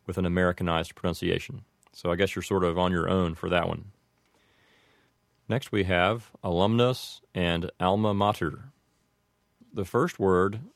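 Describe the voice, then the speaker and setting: A man explaining Latin pronunciation in a measured, methodical way, slowing down for each example. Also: deep voice, no room sound, clean studio sound. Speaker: language teacher.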